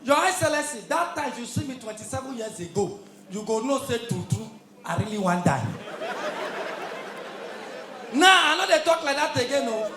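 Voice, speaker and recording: A man doing live stand-up comedy with a Nigerian Pidgin English accent, delivering loud, punchy, shouted punchlines. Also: very high voice, sing-song, normal speed, pauses often, reverberant, slight background noise.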